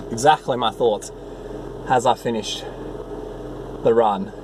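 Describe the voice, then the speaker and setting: A man talking casually to the camera in a self-filmed vlog, excitable and rambling, outdoors on a trail. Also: medium pitch, slow pace, noisy background. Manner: excitable, rambling, swears mildly. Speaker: vlogger, trail runner.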